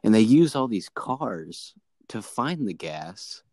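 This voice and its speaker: A man's voice: lowish voice, big pitch swings, takes it slowly, a little mellow, dry recording, studio quality. A man co-hosting a casual chat, laid-back and jokey, with plenty of slang.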